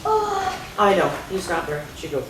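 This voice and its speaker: Animated older woman reading to kids. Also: on the low side, takes it slowly, slight background noise. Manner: animated, playful, hushing the kids. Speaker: children's story reader. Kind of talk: reading aloud to children. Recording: echoey room, distant mic.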